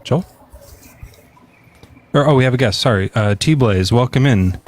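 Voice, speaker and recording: A man hosting a live call-in podcast who chats in a relaxed, rambling way, with laughs and fillers. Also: mid-range voice, a little slow. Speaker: podcast host. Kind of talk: casual live-stream chat.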